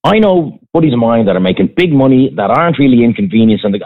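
A man's voice: mid-range voice, animated, fast, hardly any pauses. An Irish man, a former restaurant owner, ranting bluntly in a casual chat as a podcast co-host. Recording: dry, phone-like band.

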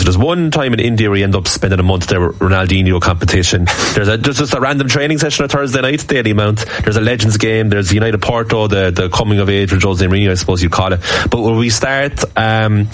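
Quick-talking host. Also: male voice, lowish voice. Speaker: podcast host. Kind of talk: casual hosting chat.

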